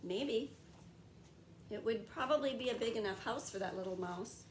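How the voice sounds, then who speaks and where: A woman teacher reading a picture book aloud to young children in a slow, sing-song way, stretching and repeating rhyming words. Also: a little high, roomy sound, slight background noise.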